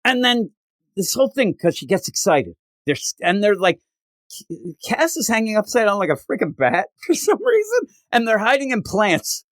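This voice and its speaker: A man co-hosting a comics podcast in casual chat, animated and exasperated, slipping into mock voices when quoting characters. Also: sits high, normal speed, no room sound, studio quality. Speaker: podcast co-host reviewing comics.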